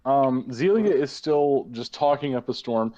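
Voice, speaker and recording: A man running an online tabletop game as game master, relaxed and full of fillers. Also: medium pitch, unhurried, no echo, muffled recording.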